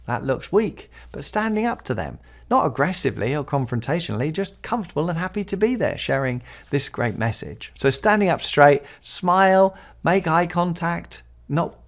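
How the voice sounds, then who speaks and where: A man giving conversational advice as a speaking coach on a podcast, often adding tag questions. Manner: conversational, tag questions, animated pitch swings.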